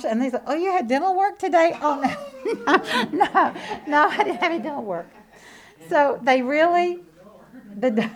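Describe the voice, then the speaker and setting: A woman giving an animated sermon testimony, swinging between loud declarations and hushed asides. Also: high voice. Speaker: preacher.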